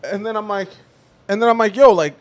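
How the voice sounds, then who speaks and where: A man's voice: sits high, flat delivery, fairly quick. A young man on a podcast, telling a story in casual chat, swearing and acting out the voices of the people in it. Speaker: podcast co-host.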